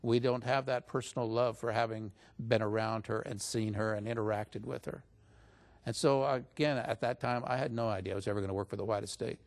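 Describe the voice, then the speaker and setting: A man appearing as an interview guest retells a story briskly, in an animated, conversational way. His pitch jumps up whenever he quotes other people.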